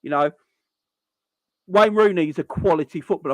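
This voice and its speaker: A man's voice: sits high, lively intonation, normal speed, dry recording. A young man, hosting a live stream and ranting in exasperation, stumbling over restarts when he gets wound up. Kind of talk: heated fan rant on a live stream.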